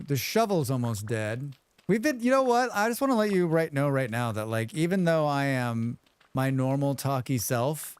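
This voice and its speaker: Chatty male streamer, smooth dry voice. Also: mid-range voice, no room sound. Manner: chatty, hums and thanks viewers. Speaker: livestreamer. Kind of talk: casual livestream chat while gaming.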